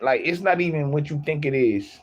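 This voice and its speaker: A man's voice: fairly high pitch, fairly quick, dull audio. A young man chatting casually on his livestream, rambling, repeating himself and laughing often.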